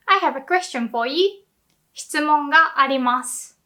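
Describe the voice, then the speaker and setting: A woman's voice: sits high, normal speed, pushed and bright. A woman giving a casual language lesson, chatty and giggly, explaining words through everyday examples. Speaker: Japanese language teacher.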